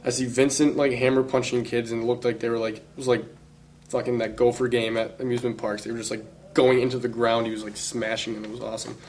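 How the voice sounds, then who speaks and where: A man's voice: medium pitch, little pitch movement, fast, a little mellow, slight background noise. A man telling a story in a casual interview in a laid-back, profane way, with many "like"s.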